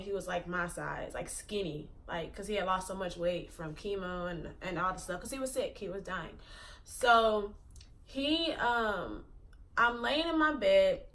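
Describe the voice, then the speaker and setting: A woman in her twenties, a vlogger, tells her channel a personal story in a rambling way, packed with "like" fillers. Her medium-pitched voice is a bit bright and sounds distant from the mic.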